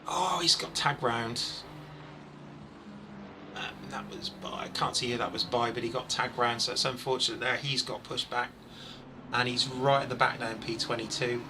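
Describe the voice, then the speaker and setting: A man over forty doing live, chatty commentary on a sim race, excitable when incidents happen. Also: medium pitch, moderate pace, noisy background.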